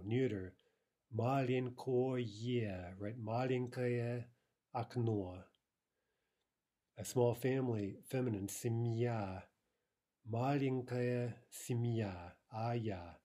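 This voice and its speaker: A man teaching a recorded language lesson, explaining patiently and repeating example words slowly with frequent "right?" checks. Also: lowish voice, dark tone.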